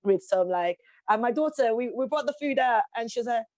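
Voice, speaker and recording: A woman's voice: on the high side, expressive, brisk, darkish tone, dry recording. A woman, a guest in an interview, speaking passionately with emphatic rhetorical questions. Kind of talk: passionate conversational speech.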